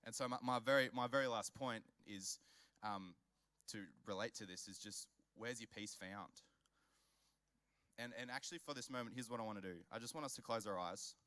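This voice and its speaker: A man's voice: mid-range voice, a little fast, sharp tone, no room sound. A young man with an Australian accent preaching a conversational, earnest youth sermon, often repeating words as he builds his point. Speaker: youth pastor.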